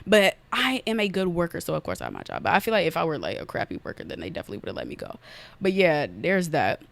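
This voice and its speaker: Young woman, podcast host, casual storytelling, fairly low voice, dry close sound, animated delivery. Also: vocal fry, no echo. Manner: animated, fast retelling with quoted outbursts. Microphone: iPad on an unsteady stand.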